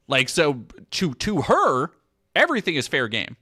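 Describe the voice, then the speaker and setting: A man's voice: medium pitch, wildly swooping pitch, moderate pace, pushed and bright. A man giving casual, sarcastic, profane commentary on video clips as a streamer.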